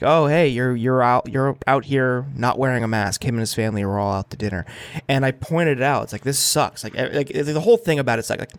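A man's voice: medium pitch, dry recording. Heated, swearing podcast host man. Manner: heated, swearing, many fillers. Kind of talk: casual political podcast talk.

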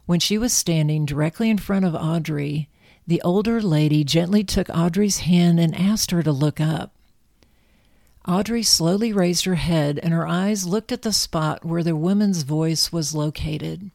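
A woman narrating a storybook in a calm, measured, gentle way. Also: on the low side, gravelly, no room sound, clean studio sound.

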